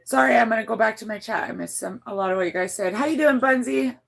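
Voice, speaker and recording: A woman with a gravelly edge and a fairly high voice, talking to her stream chat. She rambles, restarts often and swears bluntly. Her voice climbs high when she gets emotional. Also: quick pace, a bit bright. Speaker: livestreamer reading her chat. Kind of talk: casual livestream storytelling.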